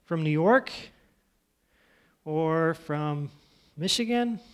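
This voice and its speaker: A man's voice: a little high, expressive, very slow. A man teaching a children's church class, retelling a Bible story in his own casual words and asking the kids questions. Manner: conversational, asks the children questions.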